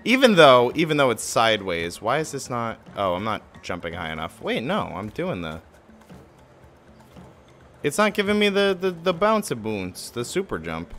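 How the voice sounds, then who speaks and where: Excitable, swearing man streaming a game. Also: medium pitch, moderate pace, faint music behind. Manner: excitable, swears often, mocks his own mistakes. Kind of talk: live gameplay commentary.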